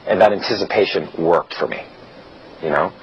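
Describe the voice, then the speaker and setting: A man's voice: sits low, moderate pace. Blunt, chatty male coach, lo-fi. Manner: blunt, chatty, acts out quoted dialogue. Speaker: dating coach. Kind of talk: casual seminar lecture. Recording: dull lo-fi recording with faint hiss.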